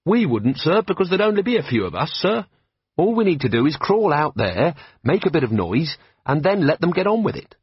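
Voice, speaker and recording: A man's voice: a little high, very animated, a little fast, husky, no room sound, dull audio, pitched above the performer's own voice, exaggerated voice. A man doing an earnest young guardsman. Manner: earnest and polite, keeps saying sir.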